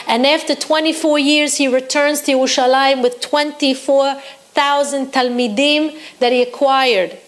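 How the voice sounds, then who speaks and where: A woman teacher narrating a story to her listeners, her voice sitting a little high. She tells it in a lively, expressive way, leaning into each turn of the tale. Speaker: Torah teacher. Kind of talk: storytelling lesson.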